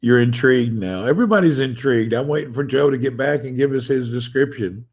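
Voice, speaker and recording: A man's voice: mid-range voice, brisk, a little mellow, slightly rough. A man hosting a casual live-stream chat from home, greeting viewers by name, reading their comments aloud and teasing playfully. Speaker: livestream host. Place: at home with family nearby. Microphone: phone livestream.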